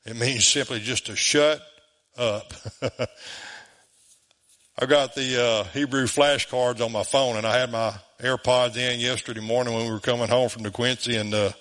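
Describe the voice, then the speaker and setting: A man's voice: mid-range voice, fairly even intonation, normal speed, a bit bright. A man preaching a sermon in a folksy, conversational way, chuckling often. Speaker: pastor.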